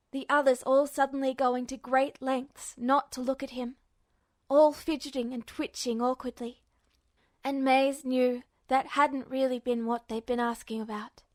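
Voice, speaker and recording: A woman reading fan fiction aloud as a podfic narrator, in a measured, steady way. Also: sits high, dry recording, studio quality. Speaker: podfic reader.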